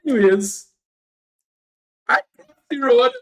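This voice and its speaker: Animated Trinidadian man telling a story. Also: moderate pace. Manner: animated, jumps high when quoting people, laughs while telling. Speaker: livestreamer. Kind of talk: casual storytelling on a livestream.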